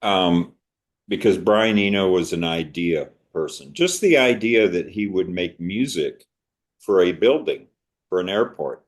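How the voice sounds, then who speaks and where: An older man with a very deep voice talks casually as a podcast co-host. He is chatty and reflective, wandering through his thoughts in an easy, conversational way. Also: lively intonation, unhurried. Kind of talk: casual chat about music.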